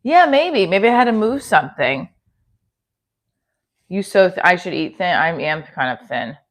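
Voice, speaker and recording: A woman in her forties with a New Jersey accent, her voice lowish and very animated at a measured pace. She's a comedian livestreaming from her home kitchen, chatting casually and reading comments aloud.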